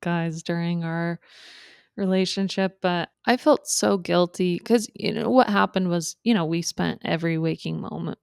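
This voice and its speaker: A woman telling her own story candidly in a podcast conversation, reflective and halting, often restarting her sentences. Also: lowish voice, creaky, darkish tone, clean tone, no echo, clean studio sound. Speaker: podcast guest.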